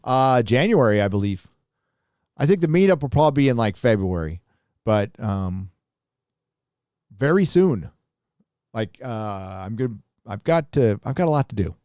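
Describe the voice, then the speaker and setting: A middle-aged man from Southern California chats through viewer donations on his livestream, rambling and laid-back. His voice sits at an ordinary middle pitch. It is recorded close on a desk mic with a dry, dead sound. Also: very animated, darkish tone, dry recording. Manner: rambling, laid-back, quick laughs, many fillers. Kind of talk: casual livestream chat.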